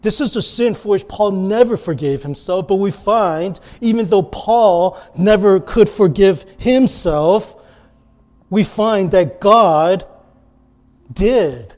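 High-voiced man preaching earnestly. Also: takes it slowly. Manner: earnest preaching, swinging between emphatic and hushed. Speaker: pastor. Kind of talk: sermon.

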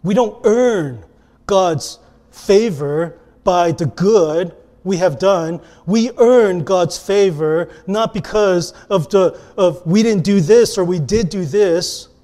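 A man with a high voice delivers a sermon. He preaches earnestly as a pastor, pressing some lines hard and dropping others to a hush. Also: slow pace. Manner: earnest preaching, swinging between emphatic and hushed.

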